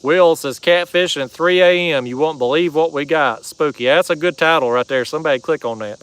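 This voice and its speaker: Speaking brisk and on the high side, the man has a somewhat bright, clean tone captured in a rough recording. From a kayak on an outdoor river, he hosts a fishing stream, chatting casually and drawling out viewer comments in a folksy way.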